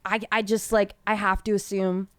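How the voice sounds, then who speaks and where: A woman talking casually as a podcast guest, animated and acting out what others said. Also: medium pitch, moderate pace, clear, resonant tone, no echo. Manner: animated, acts out quoted voices. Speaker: guest musician.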